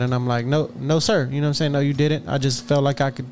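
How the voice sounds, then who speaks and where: Faint music sits behind a fast-talking man with a medium-pitched, level, darkish voice. As a podcast co-host in casual chat, he spins a rambling story full of laughter, fillers and restarted sentences.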